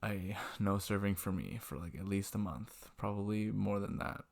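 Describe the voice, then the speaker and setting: Low gravelly young man, rambling. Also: normal speed, darkish tone. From Washington state, US. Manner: rambling, self-deprecating, swears freely. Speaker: restaurant server telling a work story. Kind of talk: casual storytelling vlog. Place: indoors at a computer, late at night. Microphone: webcam mic.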